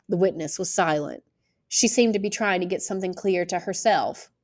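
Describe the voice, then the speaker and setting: A woman reading a novel aloud in a steady, even narration. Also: on the low side, fairly quick. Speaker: audiobook reader.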